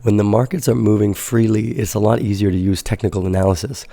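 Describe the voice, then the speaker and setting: A man hosting a casual crypto trading livestream, his voice raspy from being sick, talking in a relaxed, rambling way with fillers. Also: on the low side, fast, dry recording. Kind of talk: casual livestream market analysis.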